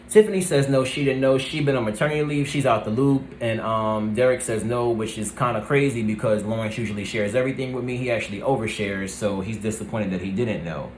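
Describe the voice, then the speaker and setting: A man giving a casual, rambling recap of a TV episode, often pausing with "let's see" and "um". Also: lowish voice, a little hiss or hum. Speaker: TV review vlogger. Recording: roomy echo.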